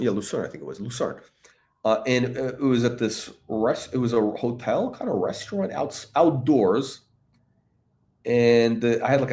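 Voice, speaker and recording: A man's voice: mid-range voice, darkish tone. A man talking in a rambling, profane monologue, with many fillers, restarts and laughs between remarks. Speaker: watch commentator.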